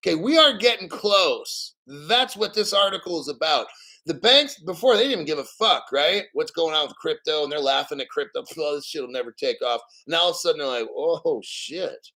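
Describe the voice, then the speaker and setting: Middle-aged male host, raised pitch and sharp timbre, blunt, swearing, rambling livestream rant. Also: animated, brisk. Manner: blunt, profane, rambling, reads out news. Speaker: crypto channel host. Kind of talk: casual live stream rant.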